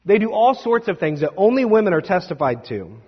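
Husky-voiced male pastor preaching. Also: high voice, sing-song, a little fast. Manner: conversational and emphatic, with asides to the congregation. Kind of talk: sermon. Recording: dull recording with long hall reverb.

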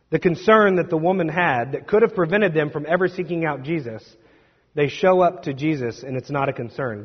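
A man's voice: a little high, breathy edge. A male pastor delivering a sermon in a conversational, emphatic way, with asides to the congregation, in a church. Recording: dull recording with long hall reverb.

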